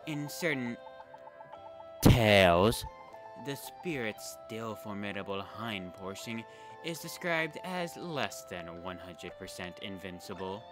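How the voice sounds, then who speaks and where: A man voicing a grandiose male temple tour guide, slow, hushed and ceremonious. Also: fairly low pitch, lively intonation, over music, voice pushed down. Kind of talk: reading game dialogue aloud.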